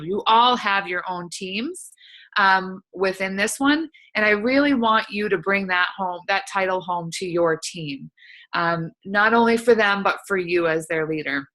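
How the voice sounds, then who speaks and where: Woman from Massachusetts, bright tense voice, team leader hosting a call, halting, filler-heavy. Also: mid-range voice, low-quality recording. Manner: halting, many fillers and restarts. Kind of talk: conference call introduction.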